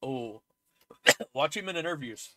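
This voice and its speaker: A man's voice: medium pitch, lively intonation, a little slow, heavy background noise. A man with an Oklahoma accent, co-hosting a podcast in casual, teasing banter. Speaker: podcast co-host. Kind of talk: casual chat.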